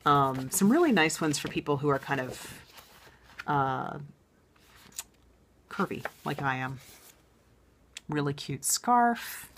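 A woman's voice: low voice, big pitch swings, takes it slowly, long pauses, noisy background. A woman hosting a knitting podcast, chatting casually and enthusiastically, thinking aloud with plenty of ums and restarts. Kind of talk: casual show-and-tell chat.

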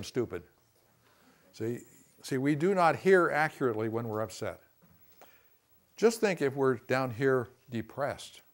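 A man teaching a class on communication and boundaries, talking conversationally with many "you know" and "see" asides, and now and then acting out quoted voices with sudden loud bursts. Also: medium pitch. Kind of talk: classroom lecture.

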